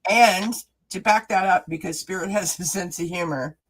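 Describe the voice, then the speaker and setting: A woman's voice: lowish voice, normal speed, husky, low-quality recording. Woman co-host, casual live-stream chat, playful and giggly, tells stories. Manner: chatty, giggly, playful storyteller. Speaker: co-host tarot reader.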